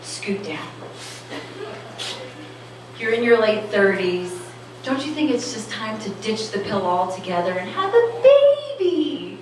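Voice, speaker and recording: A woman's voice: fairly high pitch, sing-song, slow pace, pauses often. A woman voicing a blunt male doctor, matter-of-fact. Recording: echoey club from far off, noisy.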